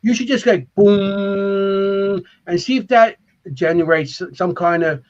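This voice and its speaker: A man rambling excitedly in a casual podcast chat, full of "you know" fillers. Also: high voice, moderate pace, dull audio.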